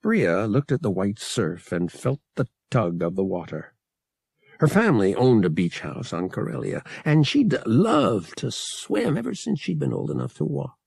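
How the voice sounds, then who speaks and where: A man reading an audiobook in measured, expressive scripted narration. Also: on the low side, gravelly, breathy edge, no echo, studio quality.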